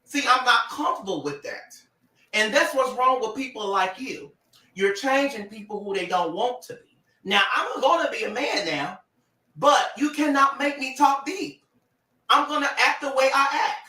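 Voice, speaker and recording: A man talking to his followers on a livestream, animated and sassy, often laughing. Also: very high voice, normal speed, roomy sound, far from the mic, poor audio. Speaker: social media personality on a livestream. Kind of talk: casual livestream talk to followers.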